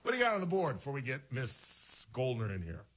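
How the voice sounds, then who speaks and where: A man's voice: medium pitch, huge pitch swings, brisk, a bit bright. A man hosting a show, telling rambling personal stories in casual chat and acting out the dialogue. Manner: rambling, digressive, acts out quoted dialogue. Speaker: radio-style show host.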